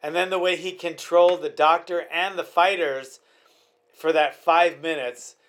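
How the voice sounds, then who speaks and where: With a steady, fairly bright tone and a measured pace, the podcast host discusses fights in a relaxed way. His voice is a bit high for a man, and he tends to ramble and begin sentences again.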